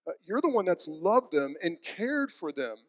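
Storytelling pastor in a reverberant hall. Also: male voice, high voice, sing-song, normal speed. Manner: storytelling, emotional, acts out quotes. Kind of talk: sermon.

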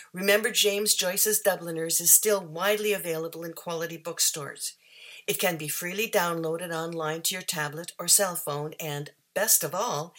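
A woman radio host reading a scripted outro in a cheerful, measured way. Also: fairly low pitch, a bit bright.

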